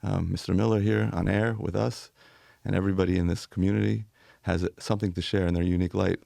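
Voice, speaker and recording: A man's voice: low-pitched, level tone, fast, creaky, dark tone, dry recording, studio quality. A man, a rabbi, telling stories earnestly in a conversational interview, with light laughs.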